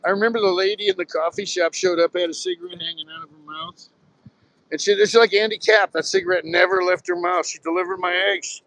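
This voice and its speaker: Man in his sixties, fairly high voice, rambling casual live-stream chat, walking on a beach, phone mic, swears casually. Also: fairly even intonation, quick pace, fairly bright tone, poor audio. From Southern New Jersey. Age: 60s. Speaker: live streamer, retired Marine pilot. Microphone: phone held while walking.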